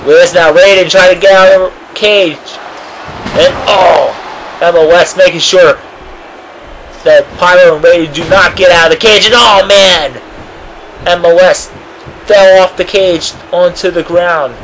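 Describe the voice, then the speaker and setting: Excitable young-sounding male wrestling commentator. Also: high voice, unhurried, crowd noise, low-quality recording. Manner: excitable, frequent oh and oh man exclamations. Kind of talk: amateur play-by-play commentary.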